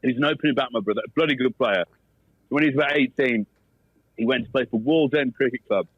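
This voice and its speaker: An English man, a former cricketer, chatting as a podcast guest in a jokey, animated way. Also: mid-range voice, slightly rough, no echo, phone-quality sound. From England. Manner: jokey, animated, quick to laugh. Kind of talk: casual chat and storytelling.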